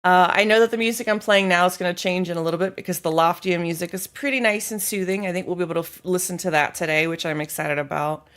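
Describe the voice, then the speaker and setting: A woman's voice: lowish voice, fairly even intonation, quick pace, few pauses, a bit bright. Subdued woman streamer thanking chat. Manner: candid, apologetic, thanks viewers by name. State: feeling unwell, low energy. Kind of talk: casual live-stream chat.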